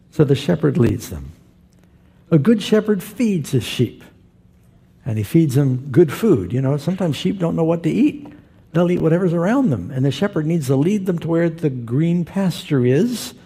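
A man's voice: mid-range voice, vocal fry, dark tone, slightly rough. A male pastor preaching a sermon, telling stories and acting out the quoted voices.

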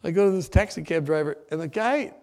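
A man preaching, telling his testimony as a lively story, often laughing and acting out the people in it. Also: a little high, fast. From United States. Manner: animated storyteller, often laughing, acts out shouts.

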